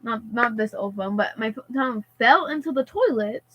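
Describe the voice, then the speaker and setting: A woman's voice: a little high, lively intonation, normal speed, dull audio. A teenage girl telling a story in casual chat, rambling and filling her sentences with "like" and "and stuff like that.". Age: teens. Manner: rambling, heavy use of "like" and "and stuff like that".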